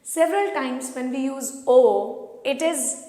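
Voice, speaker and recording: A woman's voice: high voice, slow pace, mellow. A woman teaching pronunciation, patiently repeating each word for learners to echo. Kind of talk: slow, drilled pronunciation lesson. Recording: echoey room with long reverb.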